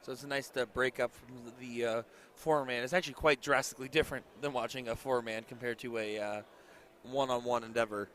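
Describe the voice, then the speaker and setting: A man's voice: medium pitch, fairly even intonation, fairly quick, fairly bright tone, a little hiss or hum. A man doing live darts commentary with a jokey, bantering, self-mocking manner, calling the match from a casino event hall.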